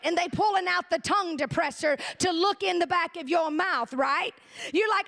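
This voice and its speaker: A woman's voice: very high voice, lively intonation, a little fast, creaky, sharp tone. A woman pastor preaching a sermon, folksy and humorous, with asides to the congregation.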